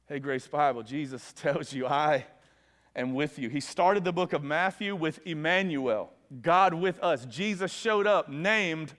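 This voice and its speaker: A male pastor preaching a sermon with fervor, his voice swinging from hushed lows to loud, ringing peaks. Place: church sanctuary. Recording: long reverb of a large hall.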